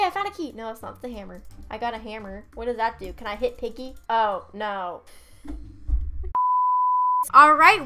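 A woman giving casual gameplay commentary, excitable and giggly, breaking into squealing shouts when chased. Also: a little high. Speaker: gaming channel host.

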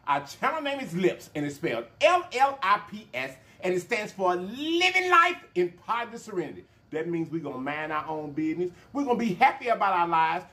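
A man hosting a mukbang vlog, talking casually and excitedly to his viewers. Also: fairly high pitch. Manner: animated, excitable, calls out to viewers. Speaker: mukbang channel host.

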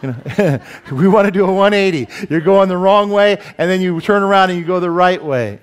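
Animated joking pastor preaching. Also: male voice, high voice, fairly quick, smooth. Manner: animated, joking, many rhetorical questions to the congregation. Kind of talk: sermon. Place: church sanctuary.

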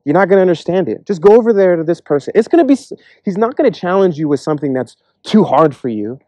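A man preaching a casual, earnest sermon, acting out imagined voices in quick asides. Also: high voice, expressive, mellow, no room sound, lo-fi sound.

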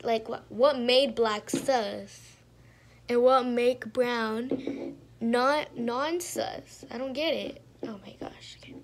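A young woman with a high voice commentates her game in an unhurried, drawn-out way. She sounds exasperated and talks to herself, often sinking into mumbles. Faint noise hums under the recording. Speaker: gaming streamer. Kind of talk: casual gameplay commentary.

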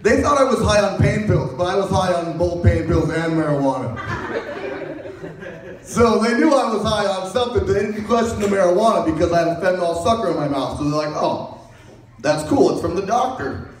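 High-pitched guy doing rambly dirty stand-up, keeps cracking himself up, super echoey and far from the mic. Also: animated, a little fast. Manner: rambling, crude, laughs at own jokes. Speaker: stand-up comedian. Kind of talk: stand-up routine. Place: comedy stage.

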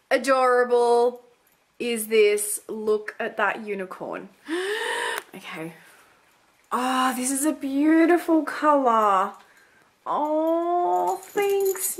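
Gushing high-voiced woman. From Australia. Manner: gushing, gasping, lots of "oh my God". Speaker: beauty vlogger. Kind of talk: excited unboxing chat.

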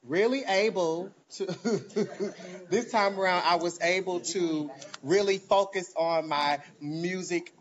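Chatty laughing drag performer, echoey. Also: male voice, high voice, slow pace. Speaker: drag performer answering fan questions. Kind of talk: casual live Q&A. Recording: echoey, dull live-stream audio.

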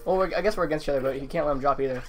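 A man's voice: on the high side, racing, a little mellow, soft background music. A man co-hosting casual gameplay commentary, competitive and eager to win. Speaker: co-host.

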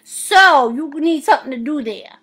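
A woman's voice: high-pitched, expressive, moderate pace, a bit bright. A middle-aged woman hosting a live painting class, bubbly and laughing often as she reads out viewers' comments and calls them sweetie and honey. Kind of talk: live-stream chat, reading viewer comments aloud.

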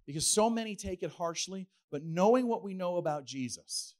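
A middle-aged man preaching a sermon as pastor, animated and playful, slipping into acted asides. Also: high-pitched, normal speed.

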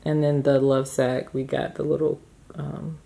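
Young mom vlogging at home, low voice, kinda gravelly and mellow, chatty. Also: female voice, flat delivery, normal speed. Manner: chatty, rambling with fillers. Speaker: vlogger, mother. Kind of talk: casual home vlog. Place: home living room.

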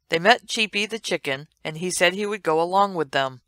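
A woman narrating an old comic strip as a read-along storybook, with a gentle, sing-song delivery and playful asides. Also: on the low side, brisk, few pauses, no echo, studio quality.

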